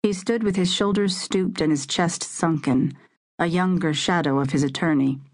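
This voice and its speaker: A woman narrates a crime novel in steady, measured tones. Her voice sits on the low side, carrying the tension of the scene without hurry. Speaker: audiobook narrator. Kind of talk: scripted dramatic narration.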